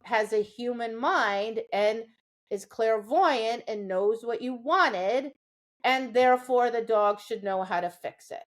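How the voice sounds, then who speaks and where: Woman dog trainer, podcast co-host, chatty explainer, slightly high voice. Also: takes it slowly. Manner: explanatory, keeps checking in with "right?". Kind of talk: casual podcast chat.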